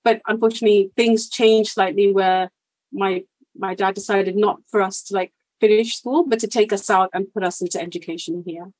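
A woman's voice: medium pitch, steady tone, moderate pace, a little mellow, dry recording. A young woman from the UK answering interview questions in a chatty way, full of "like" fillers. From United Kingdom. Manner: chatty, many "like" fillers, laughs easily. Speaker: guest.

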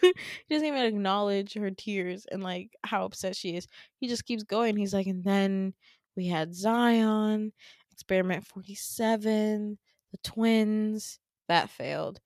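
A woman's voice: mid-range voice, no echo, clean studio sound. A young woman, a podcast host, tells a dream story casually, with lots of fillers and laughing asides.

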